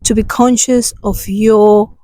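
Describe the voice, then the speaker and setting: A woman guides listeners through a meditation and then a heartfelt spiritual talk, in a slow and soothing voice. She stresses her key points firmly. The sound is dry and close, though she is outdoors. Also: medium pitch, fairly even intonation, warm tone, dry recording, low-quality recording. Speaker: self-healing channel host. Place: outdoors with passers-by.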